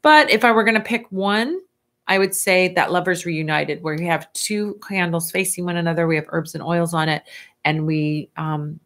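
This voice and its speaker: A middle-aged woman hosting a casual live Q&A, chatty and animated as she answers viewer questions. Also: on the low side, normal speed. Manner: chatty and animated, stretching words for emphasis.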